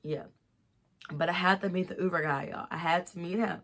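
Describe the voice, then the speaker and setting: Young woman vlogger, low-pitched, giggly and tipsy, casual storytelling to camera. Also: fairly even intonation, brisk, fairly bright tone. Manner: chatty, giggly, addresses viewers as y'all. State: tipsy, a little stuffy.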